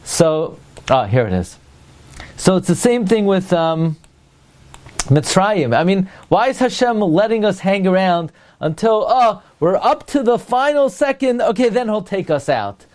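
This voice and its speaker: A man's voice: high voice, very animated, darkish tone. Man giving a questioning Torah class. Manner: asks rhetorical questions, pauses to search for words. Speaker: Torah teacher.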